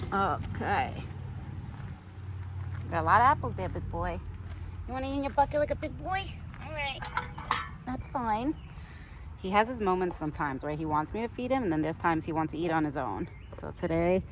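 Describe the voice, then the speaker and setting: A gentle vlogger, recorded outdoors in a rural yard with crickets chirping and a faint hiss behind the voice. The delivery slides between lifted, sing-song baby talk aimed at an animal and easy, unhurried commentary for the viewer. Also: mid-range voice. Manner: relaxed, chatty asides to the viewer. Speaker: vlogger feeding a wild deer. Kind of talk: casual vlog narration mixed with talk to an animal. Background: crickets and faint outdoor ambience.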